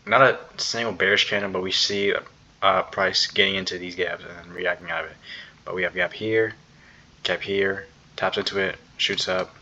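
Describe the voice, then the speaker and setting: A man's voice: deep voice, sharp tone. A young man giving a casual, rambling recap of his trading day at his computer, full of fillers and slang. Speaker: day trader. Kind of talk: casual screen-recorded trade recap. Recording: slightly dull, faint background noise.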